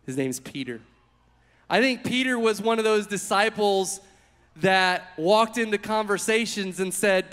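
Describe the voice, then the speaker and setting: A man preaching a sermon, telling the story with animated, acted-out quotes. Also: sits high, in a large hall. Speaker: pastor.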